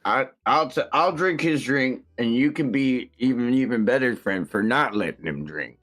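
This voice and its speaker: A man's voice: medium pitch, expressive, moderate pace, fairly bright tone. A man playing a tabletop game, talking in a brash, pushy, teasing way. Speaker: player. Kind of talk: casual tabletop game chat.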